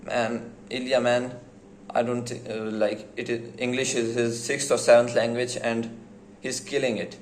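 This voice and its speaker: A young man talks through a fight interview with loud enthusiasm, swearing freely and laughing as he retells the best lines. His mid-pitched voice sits in an echoey room. A faint hum of ambient noise runs underneath. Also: measured pace. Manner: excited, swearing, laughs often, retells quotes with relish. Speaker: commentator recapping an interview. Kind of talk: casual reaction commentary.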